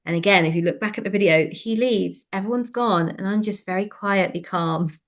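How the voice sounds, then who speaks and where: A woman telling a personal story in conversation, frank and lively, with many fillers. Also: mid-range voice, brisk. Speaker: interview guest.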